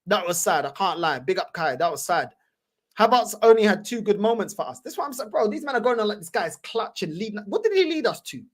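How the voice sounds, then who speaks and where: A woman's voice: mid-range voice, lively intonation, quick pace. A woman hosting a fan channel, ranting heatedly in slangy, repetitive reaction commentary.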